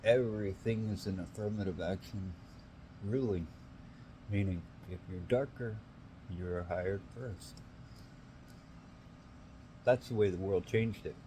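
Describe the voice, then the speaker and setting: A man's voice: fairly low pitch, slow pace, long pauses, dark tone, a little hiss or hum, poor audio. A man in a rambling, profane solo rant who repeats himself for emphasis.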